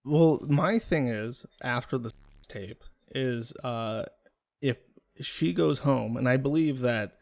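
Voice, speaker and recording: Host voice: gravelly male, mid pitch, sardonic and blunt, panel chat. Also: slow, a little mellow. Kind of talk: casual panel commentary.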